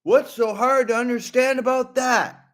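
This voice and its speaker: A man's voice: very high-pitched, fairly even intonation, normal speed, pitched above the performer's own voice. A man doing a comic impression of a volatile, bratty young man who shrieks and whines in angry outbursts. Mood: snapping. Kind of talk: comic impression in a casual chat.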